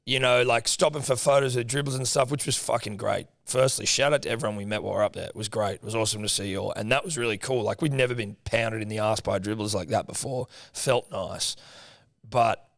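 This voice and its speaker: A man's voice: lowish voice, fast, gravelly, fairly bright tone, no echo, studio quality. A young man retelling a story in a casual podcast chat, laid-back and swearing often. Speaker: podcast co-host.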